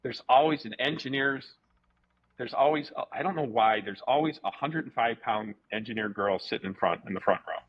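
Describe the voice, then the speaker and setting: A man, a martial arts instructor, telling stories casually as a guest, animated, repeating words and swearing freely. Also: mid-range voice. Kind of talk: casual storytelling interview. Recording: dull lo-fi podcast audio.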